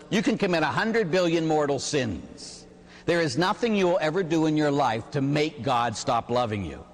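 A man, a Catholic priest, preaching a sermon and telling stories with animated emphasis. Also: fairly high pitch. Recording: echoey hall.

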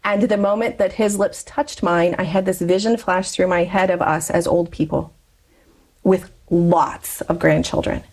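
A woman's voice: fairly low pitch, fairly even intonation, unhurried, darkish tone, rough recording. A woman in her forties, a guest in an interview, telling a personal story in a chatty way and laughing often between phrases.

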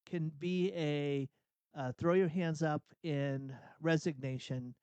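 Guy on catholic radio, kinda high mellow voice, dry studio, thinking out loud. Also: fairly even intonation, unhurried, no echo, muffled recording. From outside Boston. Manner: thinking aloud, frequent restarts and rhetorical questions. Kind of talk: reflective spiritual talk.

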